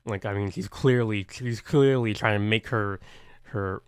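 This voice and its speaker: Low-voiced man rambling in reaction. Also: a little slow, smooth, dry recording, clean studio sound. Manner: rambling, hesitant, many restarts. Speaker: reaction video host. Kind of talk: casual reaction commentary.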